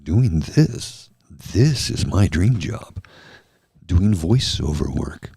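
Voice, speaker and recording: A man hosting a soft-spoken ASMR livestream, talking slowly and earnestly and answering viewers by name. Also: sits low, very animated, gravelly, breathy edge, no room sound, clean studio sound. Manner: slow, earnest and heartfelt, addressing viewers by name. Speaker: livestream host.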